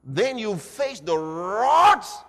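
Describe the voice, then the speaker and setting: A man preaching a sermon, acting out scenes and swinging between shouts and hushed passages. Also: high-pitched, big pitch swings, very slow. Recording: long hall reverb.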